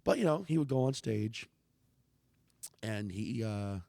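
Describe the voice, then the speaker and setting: Male comedian, gravelly, animated storyteller who swears freely, long reverb. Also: lowish voice, measured pace. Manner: animated, swearing, acts out quoted lines. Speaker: comedian guest. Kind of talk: casual storytelling in conversation.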